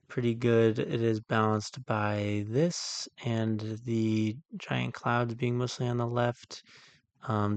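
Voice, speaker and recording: A man reviewing a movie in a casual monologue, ranting with exasperation and then calmly breaking down shot composition, full of "like" and "um". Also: lowish voice, clean tone, no echo. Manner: exasperated ranting, heavy use of "like" and "um"; calmer, analytical when breaking down shots. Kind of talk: casual film critique monologue.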